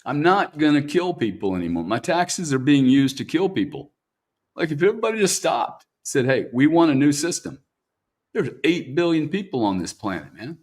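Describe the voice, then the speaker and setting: A man's voice: a little high, big pitch swings, normal speed, a little mellow. A man interviewing a guest, talking bluntly and profanely and tagging "man" onto his sentences. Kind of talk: candid interview talk.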